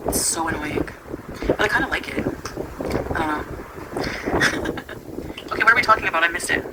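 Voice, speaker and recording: Woman host, casual stream chatter, giggly and meandering, with a steady hiss of noise under the voice. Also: on the low side, normal speed. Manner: chatty, giggly, trails off mid-sentence. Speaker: livestream host. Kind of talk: casual rambling chat.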